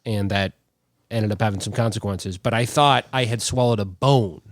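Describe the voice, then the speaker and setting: A man's voice: on the low side, normal speed, no echo, clean studio sound. A male podcast co-host in casual chat, making offhand, wry quips.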